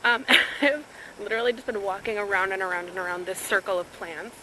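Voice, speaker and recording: A woman's voice: mid-range voice, fairly even intonation, a little fast, background noise. A woman chatting casually in a diary vlog, rambling with filler words and poking fun at herself, first outdoors and then at home. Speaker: vlogger.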